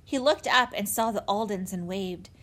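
A woman narrating a children's audiobook in an expressive storytelling manner. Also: medium pitch, normal speed. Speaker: audiobook reader.

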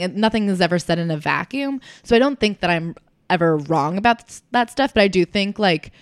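A woman's voice: mid-range voice, clear, resonant tone, dry recording, studio quality. A young woman, a comedian guest, chatting casually on a podcast and telling stories full of "like" and "you know what I mean". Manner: rapid, filler-heavy storytelling.

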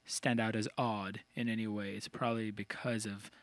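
A man's voice: on the low side, level tone, moderate pace, no echo. A man co-hosting a casual talk, explaining lyrics and rhythm in a methodical way. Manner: explanatory, methodical, counts out beats. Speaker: co-host analyzing song lyrics. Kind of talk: casual analytical chat.

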